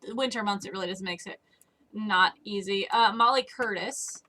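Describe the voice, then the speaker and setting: A woman's voice: medium pitch, moderate pace, bright, forceful tone. A woman narrating a tabletop game as game master, rambling with many fillers. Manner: rambling, laughs often, lots of fillers.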